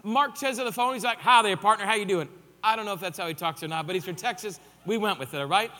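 A man's voice: sits high, lively intonation, fast talker, bright, forceful tone, long reverb tail. A man preaching a sermon in a conversational way, with joking asides. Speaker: pastor.

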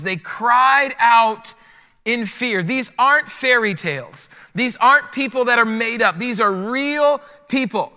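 A high-pitched man delivers an energetic, playful sermon full of casual slang. His voice is sharp and bright, and it rings out with a long reverb off the walls of a large hall. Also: smooth. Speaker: pastor.

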